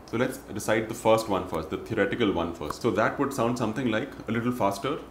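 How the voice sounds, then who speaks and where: Guy teaching a music lesson, chants the counts, lowish voice, roomy echo and a little hiss. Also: fast talker. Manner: recites rhythm syllables and counts in a steady chant. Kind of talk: spoken music lesson with recitation. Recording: roomy echo, faint noise.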